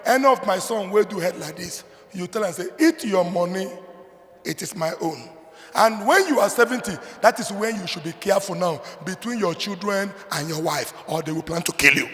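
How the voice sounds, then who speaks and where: A Nigerian man preaches from the pulpit in a high voice. He hammers points loudly and then falls to quiet, low asides. A long reverb from the hall trails his words. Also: brisk, few pauses. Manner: emphatic preaching, swinging between loud declarations and low asides. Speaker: pastor. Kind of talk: sermon.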